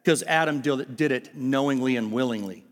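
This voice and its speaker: A man preaching a sermon, animated and full of rhetorical questions to his listeners. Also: medium pitch, fairly quick. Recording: long hall reverb with faint music.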